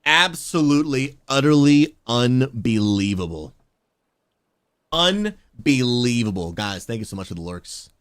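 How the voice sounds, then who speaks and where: A man's voice: mid-range voice, unhurried, clean tone, no echo. Guy streaming games, talks to chat, voice jumps all over, super dry mic. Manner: animated, talks straight to chat, says "dude" and "bro". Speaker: game streamer and pastor. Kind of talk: casual live stream chat.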